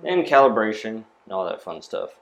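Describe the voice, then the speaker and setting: A man narrating a tabletop role-playing game as game master, describing scenes in a relaxed way with fillers. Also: on the low side, moderate pace.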